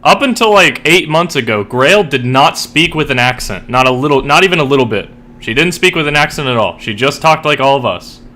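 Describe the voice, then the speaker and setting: Young male streamer, crisp tense tone, loose rambling chat, heavy fillers. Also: mid-range voice, animated, brisk, bright, forceful tone. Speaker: streamer and writer. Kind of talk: casual chat while gaming.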